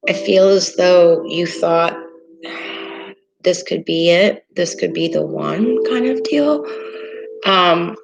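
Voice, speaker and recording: Slow, gravelly-voiced woman reading tarot. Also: fairly low pitch, rough recording. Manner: hesitant, halting, full of "um"; emotional, earnest. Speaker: tarot reader. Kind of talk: tarot card reading to camera. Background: soft meditation music.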